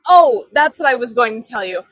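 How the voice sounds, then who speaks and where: A high-voiced woman from Chicago guides a live-streamed walking tour outdoors. She chats and giggles and drifts into storytelling asides. Her voice comes through a phone mic with dry, close sound. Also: lively intonation, brisk, no room sound, low-quality recording. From Chicago, USA. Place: outdoors on city streets.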